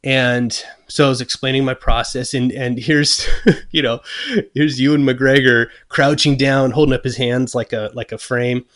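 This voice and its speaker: Man telling a lively story. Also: medium pitch, moderate pace. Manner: animated, acts out his own thoughts and quotes; many fillers and restarts. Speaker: guest luthier. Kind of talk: casual storytelling.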